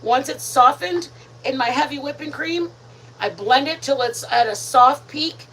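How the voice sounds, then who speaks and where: A woman's voice: high-pitched, measured pace, bright, forceful tone, a little hiss or hum, poor audio. Chatty woman hosting a home cooking stream. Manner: chatty, rambling, addresses viewers as "you guys". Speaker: host of a live cooking stream. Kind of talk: casual live-stream chat while cooking. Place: home kitchen.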